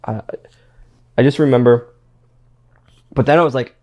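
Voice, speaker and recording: A man's voice: medium pitch, normal speed, darkish tone, lo-fi sound. A man, a former pro wrestler, telling stories as a guest in a casual interview, rambling and repeating words as he quotes others.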